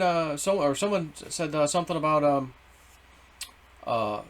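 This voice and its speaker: A middle-aged man telling a story in a rambling, excitable way, swearing and then softening his words. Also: fairly high pitch, moderate pace, long pauses. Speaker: vlogger. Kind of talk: casual storytelling.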